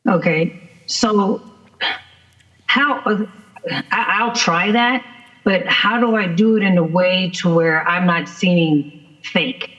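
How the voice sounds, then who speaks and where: A congregant asking the rabbi a question, who describes themselves as a direct speaker rather than a soft-spoken one. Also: mid-range voice, takes it slowly, pauses often. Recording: dull, muffled sound.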